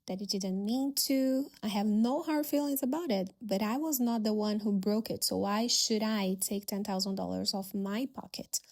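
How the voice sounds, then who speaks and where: A woman voicing a calm, wealthy male party host who explains things patiently and matter-of-factly. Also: medium pitch, normal speed, hardly any pauses, lightly acted. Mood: calm firm.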